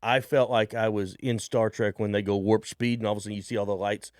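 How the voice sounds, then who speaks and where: A stand-up comedian, appearing as a guest, tells a story in a casual podcast conversation, acting out the voices of the people in it and cursing freely. His voice sits on the low side and moves at a quick clip. The studio recording is clean, with no room sound.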